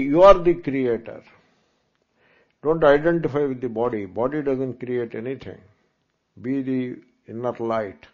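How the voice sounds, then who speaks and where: A man's voice: medium pitch, creaky, darkish tone. A man with an Indian English accent, a spiritual teacher giving a conversational discourse that is full of rhetorical questions. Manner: conversational lecturing with rhetorical asks and Hindi asides. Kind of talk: Vedanta discourse. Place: lecture hall in front of students. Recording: dull lo-fi lecture recording.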